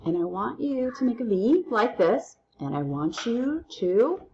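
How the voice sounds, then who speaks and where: A woman teaching a recorded lesson through counting drills, playful and quick to use silly memory tricks. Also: a little high, sing-song, darkish tone, highs cut off. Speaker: Spanish teacher.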